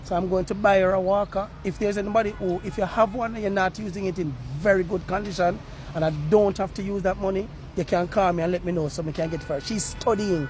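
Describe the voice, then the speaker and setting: Outdoors on a university campus, a Jamaican man reporting from the street makes an earnest, on-the-spot appeal to viewers, slipping into patois. His high-pitched voice is steady and a little mellow, his pace quick, with a little hiss or hum.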